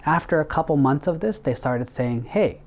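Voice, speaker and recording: A man's voice: fairly high pitch, moderate pace. A male Buddhist monk telling a story in a sermon, in a casual, conversational way with acted-out quotes.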